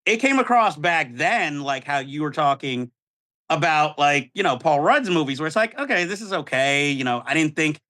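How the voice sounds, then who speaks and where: A man's voice: on the high side, lively intonation, moderate pace, a bit bright. A man hosting a podcast, chatting about films and acting out his own reactions. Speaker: podcast host. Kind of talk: casual film chat.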